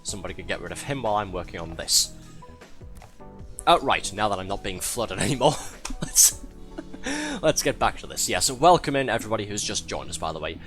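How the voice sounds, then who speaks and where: A man's voice: on the low side, animated, brisk, pauses often, fairly bright tone, faint music behind. A man doing live gameplay commentary, chatty and a bit flustered, laughing often as he reads out viewer messages. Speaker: streamer.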